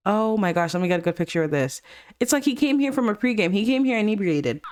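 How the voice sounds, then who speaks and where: A woman chatting through a life-sim game session, excitable and reactive. Her voice swings from low mutters up to high squeals whenever something surprising happens. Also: normal speed, a little hiss or hum. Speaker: let's play gamer. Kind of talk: casual game commentary.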